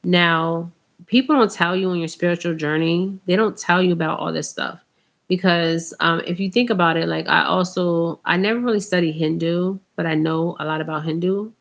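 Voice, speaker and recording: Slow, gravelly low-voiced woman vlogger. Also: steady tone, muffled recording. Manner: rambling, many ums and repeated okays; addresses viewers as you guys. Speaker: spiritual vlogger. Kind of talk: casual spiritual talk to camera.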